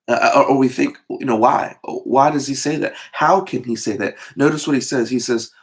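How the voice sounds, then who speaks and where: A man giving a short devotional sermon as pastor, talking in a loose conversational way with frequent fillers and restarts, and slowing down to stress scripture. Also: medium pitch. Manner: conversational, with many fillers and repeated words.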